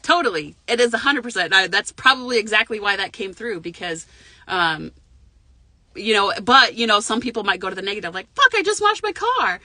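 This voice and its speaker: A woman's voice: medium pitch, brisk, bright, forceful tone, dry recording. A woman who works as a spiritual medium, talking casually from her parked car in a frank, profane, rambling way with lots of fillers. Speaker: intuitive medium and spiritual mentor. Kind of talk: casual live chat to viewers.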